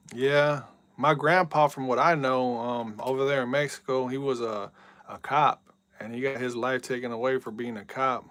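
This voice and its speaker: Male game streamer, casual and talkative, smooth resonant voice, dry. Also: medium pitch, steady tone, unhurried, no room sound. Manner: chatty, reads out viewer messages, yells at big plays. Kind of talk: casual live-stream chat.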